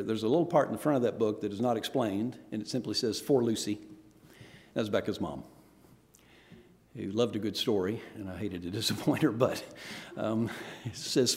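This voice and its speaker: A middle-aged man preaching a sermon, telling stories and acting out quoted voices along the way. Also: on the low side. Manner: storytelling, animated, acts out quoted voices. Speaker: former pastor, missionary speaker. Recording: reverberant hall.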